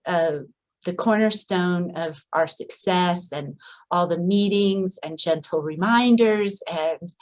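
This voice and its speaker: A woman founder speaks at a graduation event, thanking her mentors in a heartfelt, grateful way. Her voice sits on the low side. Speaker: startup founder giving thanks. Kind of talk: graduation thank-you speech.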